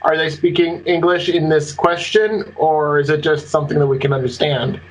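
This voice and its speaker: A man in a casual remote group chat, probing and asking for things to be made clear. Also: fairly high pitch, steady tone, moderate pace, a little hiss or hum, poor audio.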